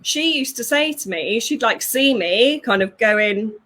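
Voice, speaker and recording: A woman, working as a fulfillment coach, talks through ideas in an animated way, laughing often and acting out voices. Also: fairly high pitch, unhurried. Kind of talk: conversational interview.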